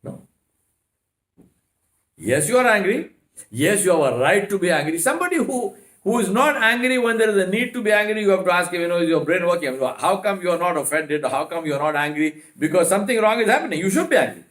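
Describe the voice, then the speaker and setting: A man lectures in a mosque with a raised, fairly high voice. He drives home each point with rhetorical questions and rapid strings of "no." His voice rings around the room. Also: expressive, fairly bright tone. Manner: emphatic, rhetorical questions, repeated "no, no, no". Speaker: Islamic lecturer. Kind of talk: religious lecture. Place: mosque hall. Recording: echoey mosque hall.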